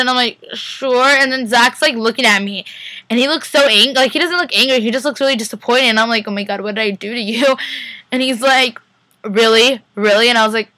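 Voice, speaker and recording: A woman's voice: medium pitch, sharp tone, no echo. A young woman from Northern California giving a chatty, rambling convention recap vlog, full of "like" and quoted back-and-forth. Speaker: fan vlogger.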